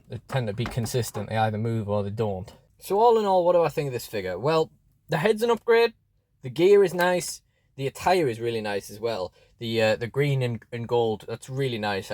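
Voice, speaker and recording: A man's voice: mid-range voice, darkish tone, no echo. Guy doing a chatty toy review, lots of likes and restarts, mid voice, super dry sound. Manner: chatty, rambling, frequent fillers and restarts. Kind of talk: casual unboxing review.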